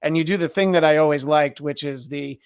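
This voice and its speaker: A man's voice: fairly high pitch, fairly even intonation, brisk, over a noisy crowd. A man hosting a podcast, asking long rambling questions full of fillers. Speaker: podcast host. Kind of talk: interview conversation.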